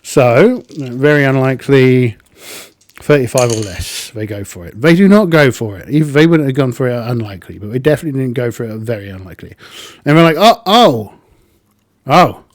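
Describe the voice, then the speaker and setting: A man's voice: mid-range voice, lively intonation, brisk, no echo. A man narrating his solo tabletop game, thinking aloud with plenty of ums.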